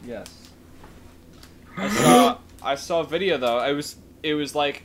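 A man's voice: on the high side, animated, a little slow, pauses often, a little hiss or hum. A young man co-hosting a podcast, chatting casually and laughing often as he rambles through stories. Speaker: podcast co-host. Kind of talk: casual chat.

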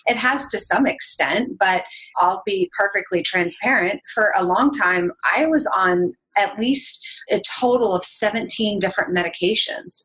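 A woman's voice: medium pitch, a bit bright, slightly rough, low-quality recording. A woman speaking as a podcast guest, telling a personal story candidly and openly. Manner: candid and open, fast and chatty.

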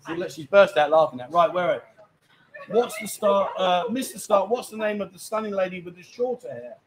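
Man, high voice, cheeky banter, bar live stream, faint background hum. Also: lively intonation, fairly quick. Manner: cheeky, bantering, loud asides. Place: busy bar.

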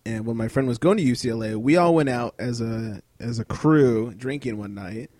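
A man co-hosting a podcast, chatting crudely and casually, often jumping into high mocking voices when he quotes people. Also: moderate pace, dark tone, no echo. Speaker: podcast co-host.

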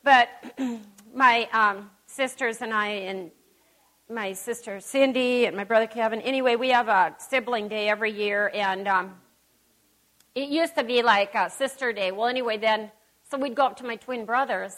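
High, bright-voiced woman preaching. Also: moderate pace. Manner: emphatic, folksy, chatty asides. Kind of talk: conversational sermon. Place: church service.

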